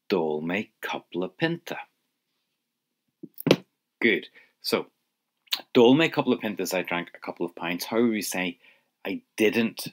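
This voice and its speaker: Slow, deep-voiced man teaching. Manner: patient, prompting the listener to answer. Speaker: language teacher. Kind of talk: audio language lesson.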